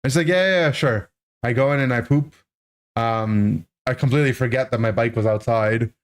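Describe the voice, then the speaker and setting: A man in his thirties, a streamer, telling a childhood story to his chat in an animated, rambling way, full of "right?" and "like". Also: medium pitch, fairly quick. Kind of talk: casual storytelling to a live chat.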